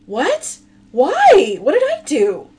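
A woman's voice: high voice, wildly swooping pitch, slow, mellow, voice pushed up, exaggerated voice. A woman voicing a crude, mocking adult man who taunts and swears.

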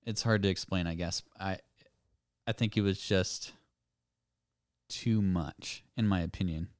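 A man co-hosting a spooky podcast in casual chat, talking in a relaxed, meandering way with small restarts. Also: deep voice, unhurried, smooth, no echo, studio quality. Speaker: podcast co-host.

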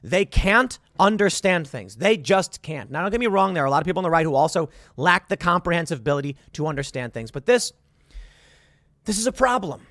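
Lively sarcastic male commentator. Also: on the high side, brisk, no echo, studio quality. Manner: sarcastic, exasperated, rambling with restarts. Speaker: commentary show host. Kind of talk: opinion commentary monologue.

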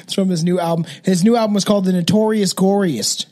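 A man's high, mellow voice moves at a quick pace with a steady tone. He's a podcast co-host chatting casually and crudely about a true crime case, repeatedly restarting what he says.

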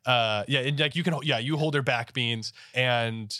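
A man narrates a tabletop game as game master, rambling loosely with fillers. His mid-pitched voice sounds dry and close to the mic. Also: normal speed, bright, forceful tone, dry recording.

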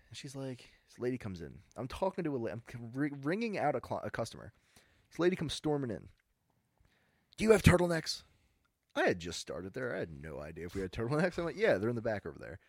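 A young man, telling stories in a laid-back, deadpan way on a casual podcast. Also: fairly low pitch, husky, no room sound, studio quality. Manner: laid-back, deadpan storyteller who mimics angry customers. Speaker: podcast co-host. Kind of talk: casual storytelling chat.

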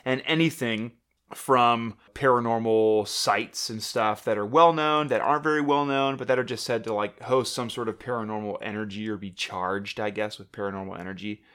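A man's voice: fairly low pitch, steady tone, normal speed, fairly bright tone. A young man co-hosting a casual chat, rambling and joking with lots of fillers and restarts. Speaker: podcast co-host.

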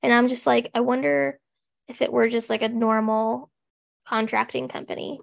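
A young woman co-hosting a podcast, chatting in an animated, sarcastic way and acting out quotes. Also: a little high, normal speed, gravelly. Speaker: podcast co-host. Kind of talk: casual snarky chat.

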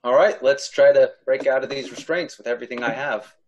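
A man playing a tabletop game, playful and talking in character. His voice is mid-pitched and comes through a dull, lo-fi microphone. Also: fairly even intonation, a little fast. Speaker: player.

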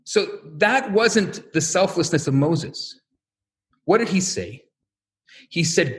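A male religious teacher delivering a lecture in the style of a sermon, with a high voice. His pitch swings widely as he tells stories and acts out the voices in them. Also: slow, long pauses. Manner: animated storytelling, acts out quotes.

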